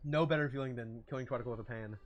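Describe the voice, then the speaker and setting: A young man hosts a loose streamer podcast in a voice of middling pitch. He rambles and jokes, trails off into quiet mumbles, then jumps into loud, excited bursts. Faint music plays underneath. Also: racing, lo-fi sound. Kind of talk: casual chat.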